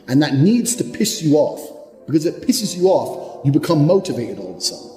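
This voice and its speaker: A man's voice: mid-range voice, a little mellow. Blunt, profane man with a motivational speech. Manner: blunt, profane, emphatic conviction. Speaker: motivational speaker. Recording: reverberant hall with background music. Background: music.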